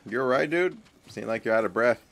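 A man's voice: mid-range voice, expressive, brisk, creaky, fairly bright tone. A young man giving crude, joking commentary while playing a video game. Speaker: streamer. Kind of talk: casual gameplay commentary.

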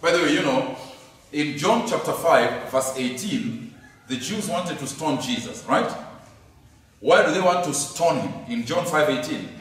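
A high-pitched man teaches at an unhurried pace, stressing his points, repeating phrases and asking rhetorical questions. His voice carries from a distance through a strongly echoing hall. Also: expressive, fairly bright tone. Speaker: Bible teacher. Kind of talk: teaching lecture on scripture. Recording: echoey hall from far off.

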